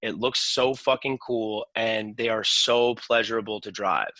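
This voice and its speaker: A man hosting a casual podcast chat, talking in a halting way with many restarts and casual swearing. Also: lowish voice, steady tone, sharp tone, no room sound. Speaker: podcast host.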